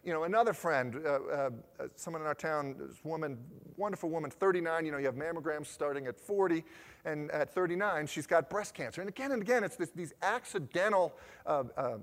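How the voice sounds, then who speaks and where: A man in his forties giving a talk, telling lively stories and acting out the conversations he recounts. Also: fairly high pitch, a little fast. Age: 40s. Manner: lively anecdotal storytelling, acting out the dialogue he recounts. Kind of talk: storytelling talk. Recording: long hall reverb.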